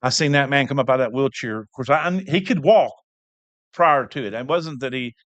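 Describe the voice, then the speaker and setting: A man's voice: medium pitch, brisk, fairly bright tone, dry recording, highs cut off. An older man giving a personal church testimony, telling the story in a rambling way with many restarts.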